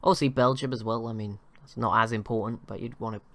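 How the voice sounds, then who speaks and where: A man's voice: mid-range voice, fairly even intonation, fast, creaky, a bit bright. A young man giving casual commentary on a strategy game, rambling and often correcting himself. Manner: rambling, self-correcting, apologetic. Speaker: gaming channel host.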